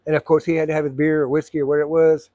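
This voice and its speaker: A middle-aged man telling a personal story, blunt and profane, rambling with frequent throat clearing. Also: fairly high pitch, flat delivery, racing, warm tone, dry recording, dull audio.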